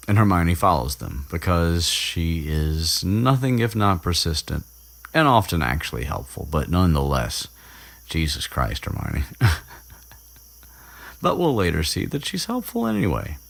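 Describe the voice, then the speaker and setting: A man's voice: rumbling low, vocal fry, a bit bright. A young man hosting a podcast, recapping a story in a rambling, casual way, chuckling and swearing freely. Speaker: podcast host.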